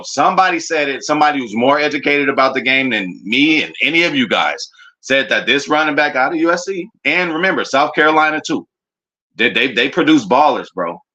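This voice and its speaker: A man streaming a casual, excitable reaction to his football team's draft picks, full of slang and talking straight to his chat. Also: a little high, dull audio. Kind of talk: casual live reaction commentary.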